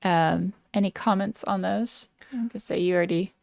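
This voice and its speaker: A woman's voice: fairly low pitch, fairly even intonation, a little fast, vocal fry, a little mellow, no room sound, clean studio sound. A woman guest on a podcast, chatting casually with lots of fillers and easy laughs. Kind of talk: casual chat.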